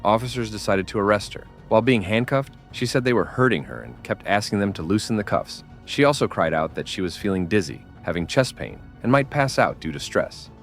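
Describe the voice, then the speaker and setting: Low-voiced male news narrator. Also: fairly quick, hardly any pauses, faint music behind. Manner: even, matter-of-fact.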